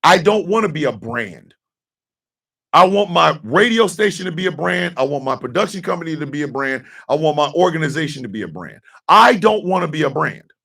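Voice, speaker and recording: A man's voice: on the high side, sing-song, fairly quick, gravelly, a bit bright, recorded from a distance. A middle-aged man hosting a radio talk show, giving a blunt, profane personal monologue and repeating his key lines for emphasis.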